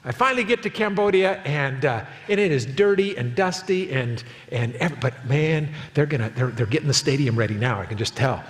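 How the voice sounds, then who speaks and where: A man's voice: mid-range voice, brisk, hardly any pauses. Storytelling man pastor in a reverberant hall. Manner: storytelling, animated with acted quotes. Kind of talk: sermon. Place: church auditorium.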